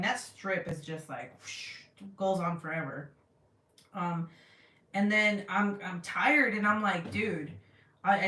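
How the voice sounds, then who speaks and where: A young woman telling a story casually on a livestream and reading her chat, animated and laughing often, with casual swearing. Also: fairly low pitch, distant mic, a little hiss or hum. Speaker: vlogger reading live chat. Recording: roomy sound, mic set back.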